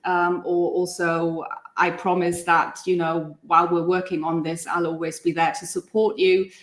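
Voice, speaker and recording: A woman working as a German language coach, talking through example phrases in a measured way during a casual online discussion. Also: lowish voice, flat delivery. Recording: echoey room.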